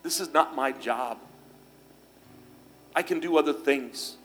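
A man's voice: fairly high pitch, slow pace, fairly bright tone. A man delivering a church sermon, mixing scripture with homespun stories. He talks in a folksy, easygoing way, full of little fillers and restarts, with faint music behind him. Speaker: pastor.

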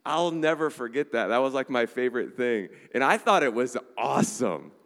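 A man preaching a sermon to a church congregation, energetic and conversational, often checking in with "all right?" and "amen?". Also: medium pitch, moderate pace. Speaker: pastor. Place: church sanctuary. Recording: long hall reverb.

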